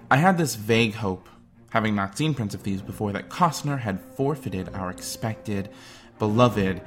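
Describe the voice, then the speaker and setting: Male essay host; wry, enthusiastic, lower pitch, light music bed. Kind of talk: scripted video essay narration.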